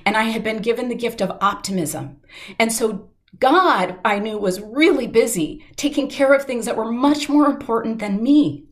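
Speaking at a fairly high pitch, a middle-aged woman tells a personal story in an interview, sincere and full of feeling. At the emotional moments, she slows down.

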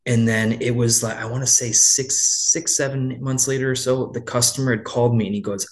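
In a casual interview, a landscaping business owner rambles through stories, restarting often and quoting back-and-forth exchanges. His medium-pitched voice stays level, and he talks quickly with hardly any pauses.

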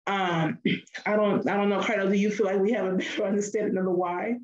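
A woman co-hosting a podcast, talking in a lively, preachy way and laughing often. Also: medium pitch, brisk, muffled recording. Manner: animated, preachy, laughs often, mimics voices in stories. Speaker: podcast co-host. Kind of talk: casual podcast chat. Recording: roomy echoey room.

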